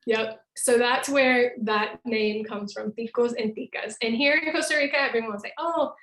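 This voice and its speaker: A woman's voice: fairly high pitch, steady tone, normal speed, a bit bright, roomy sound, rough recording. A woman giving a casual online presentation from where she lives, explaining with examples and laughing often. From North America. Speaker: presenter living in Costa Rica.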